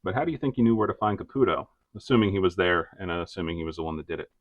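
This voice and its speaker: A man co-hosting a podcast, narrating a case in a deadpan, measured true-crime style with a very deep, gravelly voice. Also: lo-fi sound.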